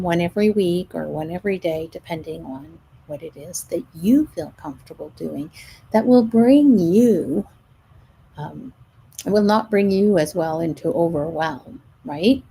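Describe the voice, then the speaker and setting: Slow gravelly-voiced woman coach. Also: lowish voice, slight background noise, rough recording. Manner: gentle, coaching, sometimes drops almost to a whisper. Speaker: stress management coach. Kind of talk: live show monologue.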